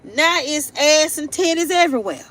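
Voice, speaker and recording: A woman's voice: high voice, expressive, normal speed, a bit bright, rough recording. A woman hosting a casual live tarot reading. She rambles in a blunt, playful way, with laughing asides and frequent tag questions. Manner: blunt and playful, with slangy everyday speech. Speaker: tarot reader and live-stream host.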